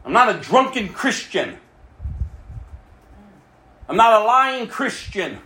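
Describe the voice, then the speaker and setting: A man preaching a sermon emphatically, with rhetorical questions and swings between loud and hushed. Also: high-pitched, big pitch swings, slow, reverberant. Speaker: pastor.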